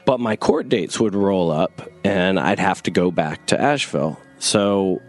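A young man from North Carolina tells a long personal story in a loose, rambling way. His voice sits very low and relaxed, and he keeps slipping in "like" while acting out the lines of the people in the tale. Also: unhurried, faint music behind. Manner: rambling, frequent "like", acts out quoted voices. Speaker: guest storyteller. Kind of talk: casual storytelling.

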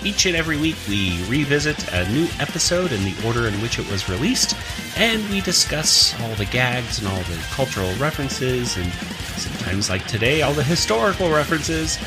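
A man's voice: medium pitch, big pitch swings, normal speed, over loud music. A man hosting a cartoon podcast, chatting casually and laughing often. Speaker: podcast host. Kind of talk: casual chat.

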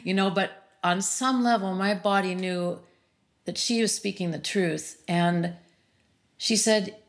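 Unhurried and creaky, this medium-pitched voice belongs to a middle-aged sound healer and interview series host appearing as a guest. Her personal conversation about grief is earnest and reflective, sprinkled with "you know."

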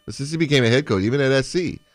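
A man, a former pro football player, co-hosting a casual sports talk show and explaining his points in a steady, conversational way. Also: mid-range voice, very fast, no echo.

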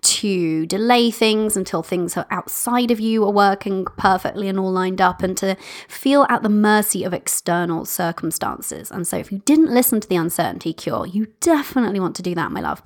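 A woman hosting her own podcast, chatting casually and warmly to listeners, bubbly and laughing often. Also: mid-range voice. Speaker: podcast host. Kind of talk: casual solo podcast chat.

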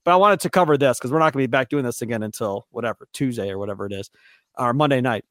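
A man co-hosting a sports radio show, ranting excitedly and slipping into mock voices of players. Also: medium pitch, rapid-fire, dry recording, studio quality. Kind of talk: animated sports radio rant.

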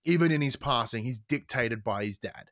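A man hosting a podcast, talking in an animated, excitable way, swearing freely and often restarting his sentences. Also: mid-range voice, moderate pace. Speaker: podcast host. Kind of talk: casual podcast chat.

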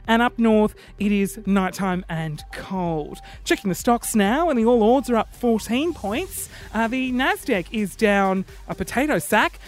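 A man's voice: high-pitched, pitched above the performer's own voice. A man doing a chirpy mock newsreader. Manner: chirpy, overly formal news delivery. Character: bright cheery male mock newsreader.

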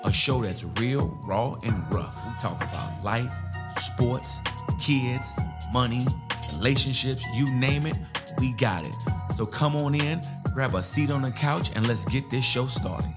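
A man hosting a casual podcast, joking and hyping the show, swinging between easygoing talk and loud bursts. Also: medium pitch, lively intonation, unhurried, loud music behind the voice. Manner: hypes and joking, shifts from laid-back to loud. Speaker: podcast host.

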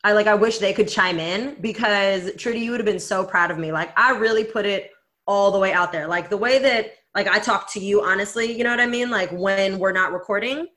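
Bright-voiced woman telling a lively story. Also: mid-range voice, a little fast. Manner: animated storytelling, frequent "like" fillers. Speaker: podcast co-host. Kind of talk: casual chat.

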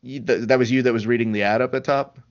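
A man talking as a podcast guest in casual chat, teasing with a dry, deadpan humor. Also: medium pitch, fast, dull audio.

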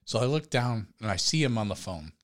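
Animated young man telling a crude story. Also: on the low side, a little fast. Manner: animated storyteller, breaks into laughter, shouts quoted lines. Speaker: podcast co-host. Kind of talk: casual storytelling chat.

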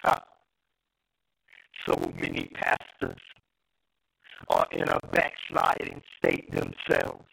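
A man preaches a prophetic sermon in a very deep, gravelly voice that swoops widely in pitch. He talks slowly, in rhythmic repeated phrases broken by "uh" and "hallelujah", with a forceful, bright edge. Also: wildly swooping pitch, rough recording.

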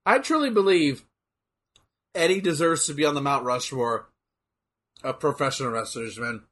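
A young man chatting casually while watching wrestling, animated and rambling, with lots of fillers and swearing. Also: a little high, moderate pace. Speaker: co-commentator.

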